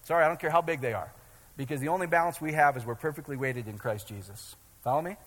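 A man's voice: a little high, fast, a bit bright. A middle-aged man from Iowa preaching a casual, joking sermon, often asking his congregation if they follow him. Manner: joking, chatty, keeps checking in with the audience. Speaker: pastor. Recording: long hall reverb.

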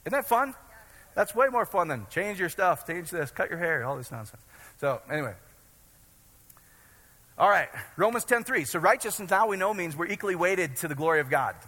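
High-pitched and animated, the middle-aged Iowa pastor moves at a moderate pace with a bright, forceful tone. He jokes and chats through a casual sermon, checking in with the congregation to ask if they follow him, all in a room with long hall reverb.

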